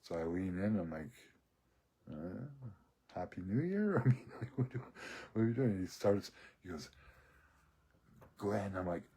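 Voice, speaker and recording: Low husky man ranting profanely. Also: unhurried, long pauses, mellow. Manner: profane, rambling, laughs often. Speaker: social media ranter. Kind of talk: rambling personal rant.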